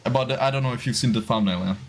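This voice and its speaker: A man who handles the live stream talks in a halting, roundabout way, leaning on filler phrases. A faint room ambience sits behind him. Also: mid-range voice, a little hiss or hum. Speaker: stream producer. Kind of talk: casual chat.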